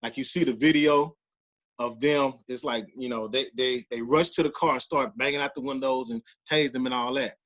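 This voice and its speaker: A man tells a story on a casual podcast. He gets animated and loudly acts out the people he quotes. His voice sits in an ordinary middle pitch. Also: moderate pace, rough recording. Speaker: podcast co-host.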